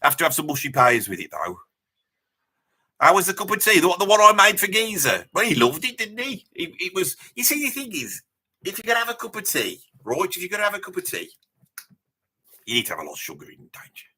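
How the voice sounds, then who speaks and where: A man doing a husky, boastful Brummie bloke. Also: high-pitched, huge pitch swings, fairly quick, bright, forceful tone, exaggerated voice. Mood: rambling chat. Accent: Birmingham. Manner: rambling, boastful, chatty asides to viewers. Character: boastful middle-aged Birmingham bloke, rambling name-dropper. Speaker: live stream host in character. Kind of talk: in-character live reaction chat.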